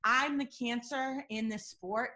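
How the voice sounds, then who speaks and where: A woman doing an indignant athlete, pitch rising. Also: steady tone, slow pace, pushed and bright. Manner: rising heated defensive tone. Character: indignant male athlete denying accusations.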